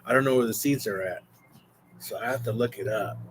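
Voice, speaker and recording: Casual male vlogger, lowish voice, rambling and animated storyteller. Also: fairly quick, slight background noise. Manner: rambling, animated, exaggerating for effect.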